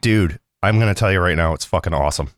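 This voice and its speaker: Brief: male podcast co-host, quick and profane, low-ish voice. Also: dry recording, studio quality. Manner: profane, animated storyteller. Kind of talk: casual storytelling chat.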